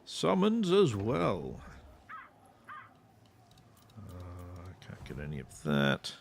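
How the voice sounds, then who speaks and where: A low-voiced Australian man with a gravelly, slightly fried edge, giving off-the-cuff commentary on a strategy game. He chats loosely, drops casual swears and talks to his units as he plays. A faint background noise sits under the recording. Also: wildly swooping pitch, extremely slow. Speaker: gameplay streamer.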